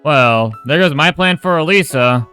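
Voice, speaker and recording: A man casually commenting on his own video game run, wry and quick to swear. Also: fairly high pitch, animated, music in the background. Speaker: gaming YouTuber.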